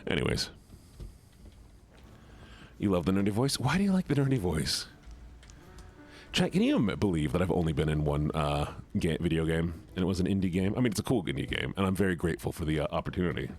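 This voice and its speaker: A man's voice: low voice, expressive, fairly quick, pauses often, a little mellow, soft background music. A man, a streamer and voice actor, chatting casually with his viewers while playing a game. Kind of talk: casual gaming livestream chat.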